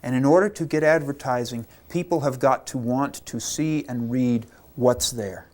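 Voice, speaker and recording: A man, an army chaplain, telling war stories in an interview, animated and repeating words as he acts out quotes. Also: mid-range voice, normal speed.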